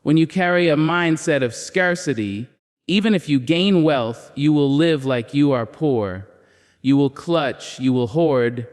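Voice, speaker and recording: A man giving a preaching motivational speech, with solemn, emphatic declarations and repeated phrases. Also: a little high. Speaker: motivational speaker. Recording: long hall reverb.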